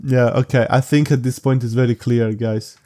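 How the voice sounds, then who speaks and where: A young man with a mellow, unforced voice hosts his podcast solo. He sounds sleepy and drifts from point to point, stumbling over restarts. He stays frank and casual throughout. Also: medium pitch, steady tone. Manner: rambling, halting, frank. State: sleepy, yawning. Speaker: podcast host.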